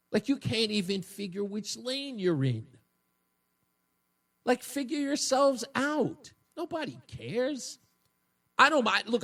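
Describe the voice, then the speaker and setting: A man hosting a talk radio show delivers a mocking, combative political monologue, swinging between shouting and low taunts.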